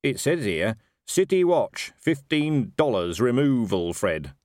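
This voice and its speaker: A man's voice: medium pitch, sing-song, takes it slowly, a little mellow, no echo, studio quality, pitched above the performer's own voice. A man voicing a careful, knowing male street food vendor in an audiobook. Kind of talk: audiobook character voice.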